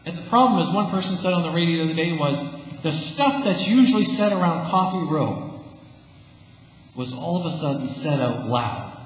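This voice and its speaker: A man's voice: fairly high pitch, expressive, normal speed, slight background noise. A man preaching a sermon in a church, earnest and emphatic in an easy, conversational way. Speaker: pastor. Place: church sanctuary. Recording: echoey church hall, faint ambience.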